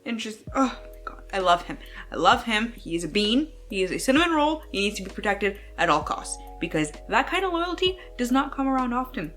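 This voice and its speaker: A young woman chatting casually at home about books, excitable and swearing freely, turning now and then to talk to her baby. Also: fairly high pitch, brisk, soft background music. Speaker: book vlogger. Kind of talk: casual chat.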